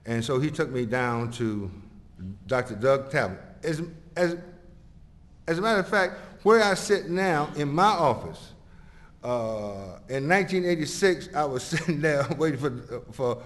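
A man telling his own story to an audience, halting and repeating himself, chuckling often and acting out the voices of others. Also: medium pitch, lively intonation, fairly bright tone, big-room sound. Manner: halting and repetitive, chuckling often, acts out quoted dialogue.

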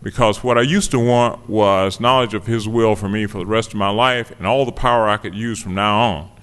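A man shares his recovery story as personal testimony to a live audience, conversational, wry, and self-deprecating. His lowish, clean, fairly bright voice is fairly even in intonation and a little fast, with the long reverb of a hall around it.

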